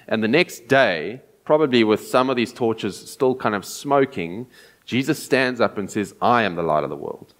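A man preaching a sermon in a fairly low voice. He talks earnestly and repeats his key phrases to drive each point home. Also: lively intonation, moderate pace.

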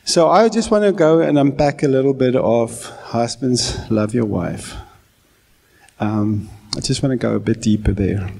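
A man's voice: medium pitch, moderate pace, creaky, few pauses, dark tone. A man in his forties from South Africa with an Afrikaans accent, preaching a sermon in a conversational, self-deprecating way with false starts. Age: 40s. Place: church.

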